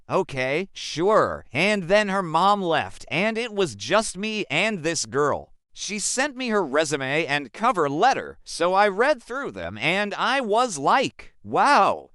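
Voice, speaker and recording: A young man from Africa tells a personal story in a high, bright voice that swings widely in pitch. He speaks slowly and with emphasis. The sound is dry and close. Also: very animated, dry recording. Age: young adult. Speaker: narrator.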